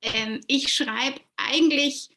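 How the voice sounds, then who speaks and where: A woman's voice: high-pitched, slow pace, bright, forceful tone, slight background noise. A woman from Germany, an author, answering interview questions casually over a video call, laughing easily. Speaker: author guest.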